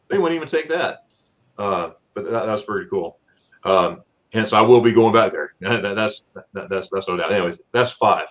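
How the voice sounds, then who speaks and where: A man's voice: lowish voice, lively intonation, moderate pace. A middle-aged man hosting a casual livestream, telling a long story with many fillers and repeated words. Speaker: host.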